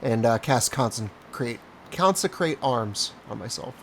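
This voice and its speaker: A man playing a tabletop game in an excitable, casual way. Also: medium pitch, measured pace, a little hiss or hum. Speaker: player.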